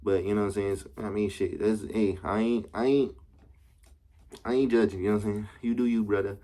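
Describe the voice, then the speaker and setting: A young male vlogger tells a casual story time to the camera in a fairly low, warm voice that moves fairly quickly with fairly even intonation. He rambles, uses a lot of slang, swears often, and keeps checking in with "you know what I'm saying."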